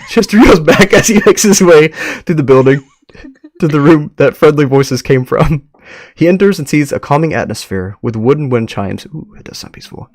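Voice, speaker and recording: A man streaming live, reading an online story aloud and reacting with frequent laughs and excited remarks. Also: mid-range voice, no echo, studio quality.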